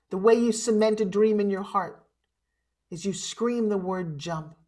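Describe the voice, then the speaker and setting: A woman giving a motivational keynote, speaking with emphasis and rousing the audience. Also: mid-range voice. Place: online summit.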